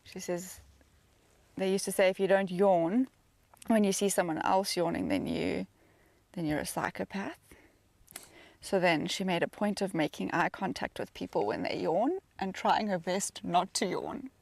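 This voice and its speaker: A woman's voice: lowish voice, unhurried, creaky, darkish tone, no echo. A woman presenting a live safari broadcast, chatting easily and reading out viewer comments with a laugh.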